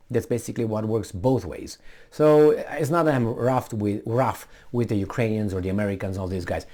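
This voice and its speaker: A man talks straight into the mic in a casual commentary, sarcastic and rambling, full of fillers and restarts. His pitch sits in the middle range for a man. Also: darkish tone.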